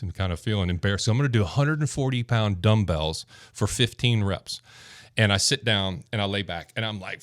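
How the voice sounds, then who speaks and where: A man telling a story on a podcast in a casual, animated way, acting out quotes and laughing as he goes. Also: lowish voice, a little fast, dry recording, studio quality. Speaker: guest, former football player.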